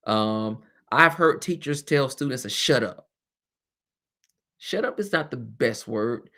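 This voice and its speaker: A man's voice: medium pitch, fairly bright tone. A man hosting a webcast as a former teacher, talking candidly and casually, with frequent laughs and chatty asides.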